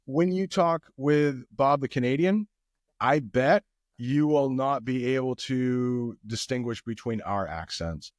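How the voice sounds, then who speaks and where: A man's voice: medium pitch, slow, no room sound, studio quality. An American man, a guest English teacher, chatting casually on a podcast in an easygoing way, often repeating his phrases. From United States.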